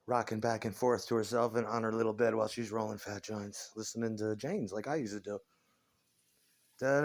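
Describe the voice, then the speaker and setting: A man in his forties talks in a loose, meandering monologue. His delivery is laid-back and full of swearing, and his voice sits at an ordinary middle pitch. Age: 40s. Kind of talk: casual rambling monologue.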